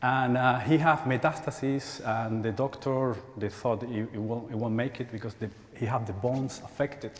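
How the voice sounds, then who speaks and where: A man in his forties with a Spanish accent, speaking English as a second language at a conference, halting and repeating words and laughing often. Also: medium pitch, fairly even intonation, slight background noise. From Spain. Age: 40s. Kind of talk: conference talk. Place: large church hall. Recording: hall reverb.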